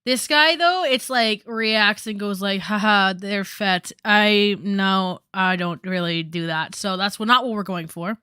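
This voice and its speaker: A woman's voice: medium pitch, measured pace, few pauses, pushed and bright, clean tone, dry recording, clean studio sound. A young woman chatting casually on a commentary stream, rambling with many fillers and asides.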